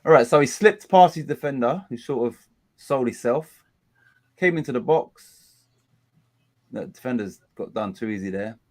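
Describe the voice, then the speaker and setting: A man, hosting a casual live watchalong of a football match. He complains about dull play and gets excited during attacks. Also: medium pitch, normal speed, pauses often. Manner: chatty, groans at a dull game, excited bursts at attacks. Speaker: watchalong host.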